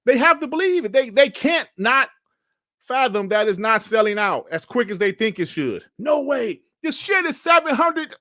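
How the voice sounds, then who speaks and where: Dude ranting about comments, bright sharp voice, jumps all over in pitch, laughs a lot, dry close mic. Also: male voice, normal speed, no room sound. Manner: animated, mocking, laughs often, swears. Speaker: gaming commentary streamer.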